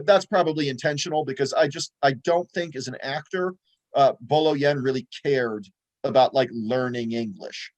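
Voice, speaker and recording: Man, podcast co-host, casual rambling movie chat, mid pitch. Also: darkish tone. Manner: rambling, many fillers and restarts.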